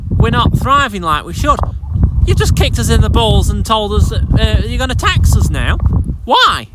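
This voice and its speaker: A fairly high-voiced man, a dairy farmer, rants to camera in an exasperated vlog. He is blunt and keeps restarting his sentences. Loud background noise and passing vehicles fill the recording. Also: big pitch swings, moderate pace. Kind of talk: angry vlog rant to camera.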